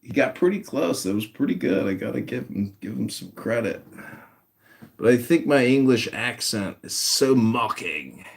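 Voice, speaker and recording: A man's voice: mid-range voice, lively intonation, normal speed, creaky. A man in casual chat as a political candidate hosting his own podcast, loose and jokey. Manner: loose, jokey, self-promoting.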